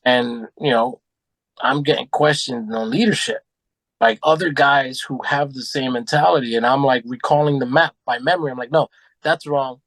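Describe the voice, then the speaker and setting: A man telling animated stories in a casual podcast chat, acting out what people said and swearing freely. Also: mid-range voice, normal speed, no echo. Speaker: podcast guest. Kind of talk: casual storytelling.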